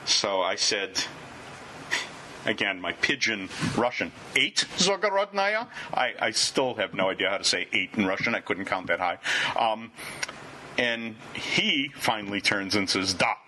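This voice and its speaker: A man telling a personal travel anecdote to listeners in an animated, wry, self-deprecating way. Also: fairly low pitch, a little slow, slight background noise. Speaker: storyteller.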